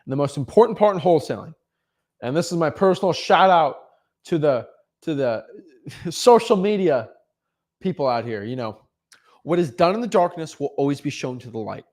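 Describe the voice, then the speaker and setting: Young guy hyped up coaching real estate, kinda high voice, stumbles and repeats himself a lot. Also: moderate pace. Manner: animated, repeats and restarts words, laughs often. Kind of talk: casual motivational vlog talk.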